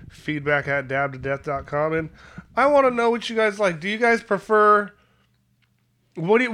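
Bright-voiced joking podcast co-host man. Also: on the high side. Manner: joking, rambling with stammered restarts. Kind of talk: casual crude podcast chat.

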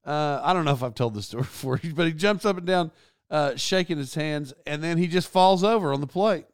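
A middle-aged man hosting a podcast, telling a rambling story in an animated way and often correcting himself. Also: a little high, fairly quick, clean tone, no room sound, clean studio sound. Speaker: podcast host. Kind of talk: casual storytelling.

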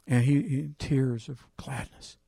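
A man preaching a sermon, reading scripture aloud with loud emphasis and telling a personal story in a quieter voice. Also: medium pitch, steady tone, slow pace, gravelly, slightly rough, no echo.

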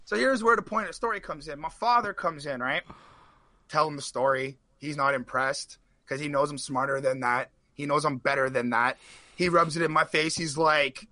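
A man telling a rambling personal story in casual chat on a live stream, animated and full of fillers. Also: on the high side, moderate pace, dry recording. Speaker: guest.

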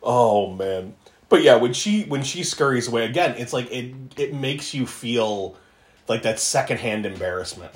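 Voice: mid-range voice, moderate pace. Giggly podcast cohost recapping scenes, voice bouncing all over, echoey room. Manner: giggly, animated storytelling with frequent laughs. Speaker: podcast co-host. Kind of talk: casual movie-review chat.

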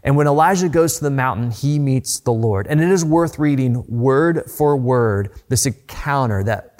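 A man preaching a sermon, reading scripture and explaining it in a reflective, emphatic way, dropping softly at quiet moments. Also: medium pitch. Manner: reflective, emphatic Bible teaching with soft hushed moments. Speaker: pastor.

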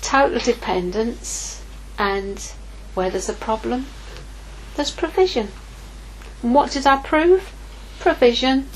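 Slow-paced and a little high, this middle-aged woman's voice comes through a rough recording with slight background noise. She's a ministry leader giving an informal sermon, candidly relating a personal story and dramatizing her inner dialogue.

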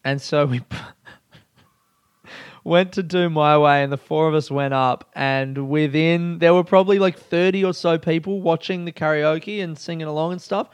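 A young man chats alone into a close podcast mic, rambling from one story to the next and swearing as he goes. His voice is smooth and a little high for a man. The sound is dry, with no room around it. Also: steady tone, moderate pace, no echo. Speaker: comedian and podcast host. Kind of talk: casual solo podcast chat.

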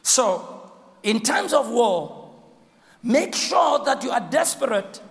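High-pitched South African preacher, creaky edge. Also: male voice, big pitch swings, slow pace. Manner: fervent, repeats phrases, calls out to the congregation. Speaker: bishop preaching. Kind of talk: live sermon. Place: large church hall. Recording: long church-hall reverb.

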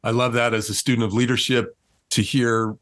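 A man's voice: medium pitch, flat delivery, normal speed, fairly bright tone. A man hosting a podcast interview, affirming his guest and asking open questions in an encouraging manner. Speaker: podcast host.

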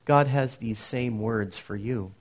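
A man's voice: mid-range voice, takes it slowly. A man preaching a sermon as pastor, earnest, with emphatic rises on key phrases.

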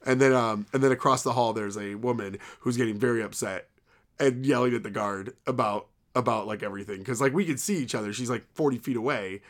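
A man's voice: mid-range voice, fairly quick. Rambling man telling stories on a podcast. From New York area. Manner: rambling storyteller, lots of "like" and quoted dialogue. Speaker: podcast co-host. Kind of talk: casual chat.

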